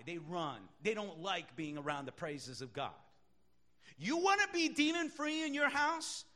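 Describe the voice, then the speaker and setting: A man preaching a sermon as pastor, emphatic, swinging between quiet talk and loud shouts. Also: very high-pitched.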